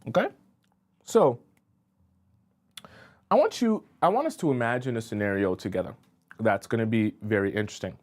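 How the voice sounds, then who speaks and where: A man's voice: medium pitch, animated, normal speed, pauses often, a little mellow. Man coaching a live audience. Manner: interactive, checks in with viewers often. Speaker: dating advice coach. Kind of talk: live-streamed advice talk.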